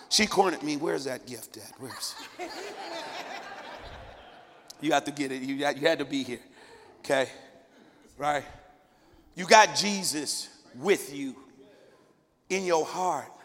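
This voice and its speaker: A man's voice: a little high, fairly bright tone, in a large hall. A man preaching a sermon to his congregation in a church, fervent and conversational with call-and-response. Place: church sanctuary.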